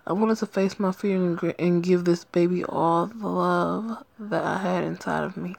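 A woman's voice: lowish voice, fairly even intonation, moderate pace, vocal fry, darkish tone. Woman reading as anxious young pregnant woman. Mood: worried. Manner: reads dialogue aloud plainly.

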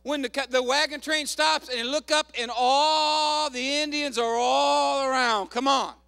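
A man pastor preaching a fervent sermon, calling out hallelujahs and shouting to the congregation. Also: very high voice, steady tone, a little slow, creaky, no echo.

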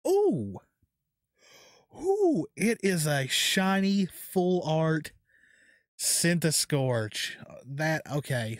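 Filming a card pack unboxing at home on a quiet night, a man with a fairly high voice talks to himself into a desk mic while sorting cards into piles. He gets excitable, gasping and nearly crying over his good pulls in this casual commentary. The sound is dry and studio-clean.

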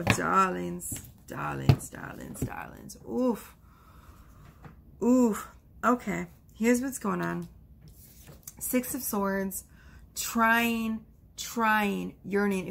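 A woman's voice: medium pitch, creaky, noisy background. A woman giving a casual tarot card reading, chatty and reassuring, with frequent exclamations. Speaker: tarot reader.

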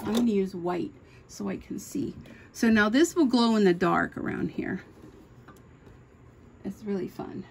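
A woman's voice: medium pitch, creaky. A middle-aged woman hosting a casual embroidery tutorial from her home sewing room, chatting and thinking aloud as she works. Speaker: sewing channel host. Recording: noisy home recording with machine hum. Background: sewing machine running.

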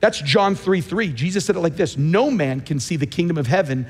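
Male pastor, emphatic sermon delivery, slightly raised pitch, long hall reverb, faint music under. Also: expressive, fairly quick, slightly rough. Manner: emphatic, repeats key phrases. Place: large church.

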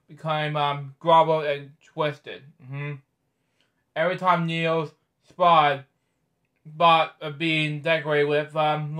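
A man hosting a bedtime story show, reading a picture book aloud haltingly with offhand asides. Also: fairly high pitch, sharp tone. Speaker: host.

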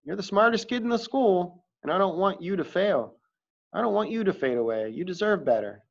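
A man's voice: high voice, expressive, a little fast, creaky, pitched above the performer's own voice, heavily acted. A man voicing an earnest, passionate male teacher who speaks with urgent pleading, in a dull lo-fi recording. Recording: dull lo-fi audio.

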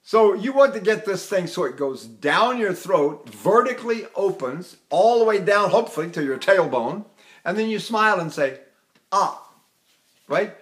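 Older male voice teacher, high and lively. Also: normal speed. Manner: breaks into sung vowels and scales mid-speech; animated, conversational, mocks bad technique with exaggerated sounds. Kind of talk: singing lesson with demonstrations.

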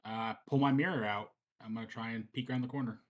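A man calmly stating his character's actions in an online tabletop game. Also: medium pitch, fast. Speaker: player. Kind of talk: casual tabletop play.

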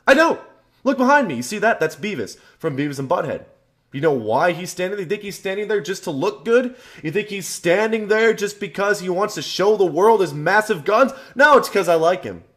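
A man ranting to camera as a vlog host, loud, profane and emphatic. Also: high voice, animated, fairly quick. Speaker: channel host.

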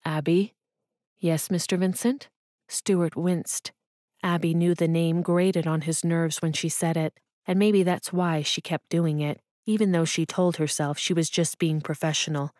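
Brief: woman audiobook narrator, calm and even, lowish voice, very dry close recording. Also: measured pace, no echo. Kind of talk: scripted narration.

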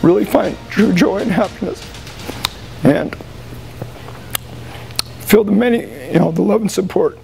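An American football coach speaking emotionally at a team banquet, halting and pausing as he addresses the room. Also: high voice, vocal fry, warm tone, soft background music, poor audio. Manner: halting, emotional, with frequent pauses and restarts. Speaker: high school football coach.

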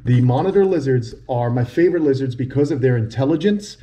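Man, reptile vlog host, excitable, enthusiastic, casual narration, medium pitch. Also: fairly quick. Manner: excitable, enthusiastic, sometimes yelling.

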